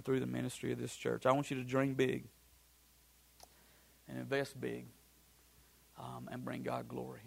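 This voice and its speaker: A man's voice: medium pitch, gravelly. A man preaching a sermon as pastor, building his points through repeated phrases and breaking into casual asides.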